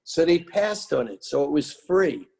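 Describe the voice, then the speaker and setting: A man's voice: on the high side, sing-song, measured pace, vocal fry, a little mellow. An American man telling music-business stories in an interview, emphatic and rambling, repeating his phrases. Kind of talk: animated storytelling interview.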